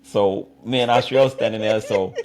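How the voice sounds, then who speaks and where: Deep-voiced man telling a lively story. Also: normal speed. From Israel. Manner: lively raconteur who acts out quoted voices. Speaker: interview guest, youth basketball coach. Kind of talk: storytelling in a conversational interview.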